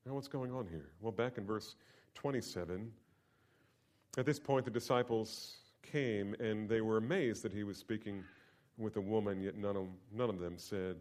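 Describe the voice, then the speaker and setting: A male pastor preaching a sermon, asking rhetorical questions and moving from quiet lines to emphatic ones. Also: fairly low pitch, normal speed.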